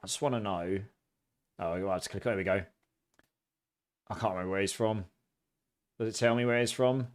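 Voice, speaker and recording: A man from near London with an Essex accent touched with posh, chatting through live gameplay and quick to laugh. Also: fairly low pitch. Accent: Essex mixed with a bit of posh English. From near London, England. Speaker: streamer.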